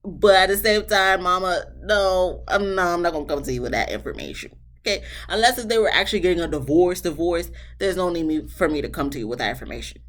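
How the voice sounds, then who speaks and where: A woman hosts a casual reality TV recap. She is sassy and animated, and she fires questions back at the people on screen. Her pitch swings widely and with energy. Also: fast talker.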